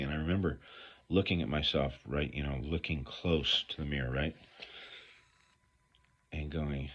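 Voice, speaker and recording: A man's voice: rumbling low, normal speed, pauses often, fairly bright tone. A middle-aged man giving a candid recovery talk to viewers, blunt and profane as he rambles through his stories. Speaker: recovery speaker. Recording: dull lo-fi recording.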